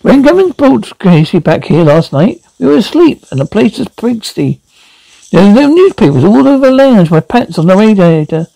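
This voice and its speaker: A woman's voice: mid-range voice, sing-song, moderate pace, creaky, no echo, low-quality recording. A fussy house-proud mother. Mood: fussing. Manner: fussing, scolding in hushed tones. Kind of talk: sitcom acting.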